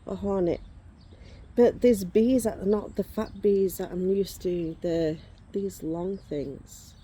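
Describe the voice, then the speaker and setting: A woman in her forties, a vlogger showing off reborn dolls, chats casually outdoors in the sun, rambling and stopping now and then to shoo away insects. Her mid-range voice is warm, with fairly even intonation and a slow pace. A little hiss or hum runs under the recording.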